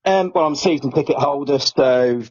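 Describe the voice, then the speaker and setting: A man from Norfolk, a podcast guest, telling an animated story in casual chat with lots of fillers. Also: on the high side, moderate pace, dry recording, highs cut off. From England (Norfolk). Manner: animated, laughing, with many fillers.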